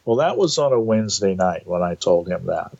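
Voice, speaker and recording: A man telling a personal story in a casual, animated way, acting out the quoted dialogue. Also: low-pitched, fairly quick, creaky, husky, lo-fi sound. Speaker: guest telling of entity encounters.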